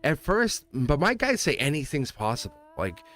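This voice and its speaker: A man's voice: on the high side, huge pitch swings, normal speed, fairly bright tone. A man hosting a tarot livestream in a rambling, casual way, chuckling often and restarting his sentences. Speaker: tarot reader and livestream host. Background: faint music.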